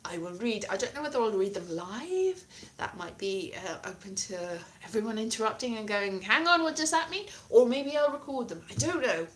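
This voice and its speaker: A woman's voice: a little high, lively intonation, moderate pace. A woman chatting playfully on her own livestream, rambling, trailing off and restarting. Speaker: livestream host. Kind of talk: casual rambling livestream chat.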